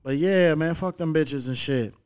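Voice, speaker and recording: Young male podcast host and comic, laid-back and foul-mouthed, slightly high voice. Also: normal speed, clean tone. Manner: laid-back, heavy swearing, animated when quoting people. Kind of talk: casual podcast chat.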